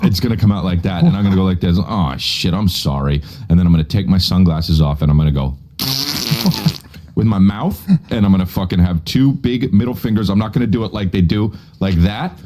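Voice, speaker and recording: A man in his late thirties, a podcast guest telling crude, deadpan comic stories full of profanity in casual banter. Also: low voice, brisk, a little hiss or hum. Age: 30s.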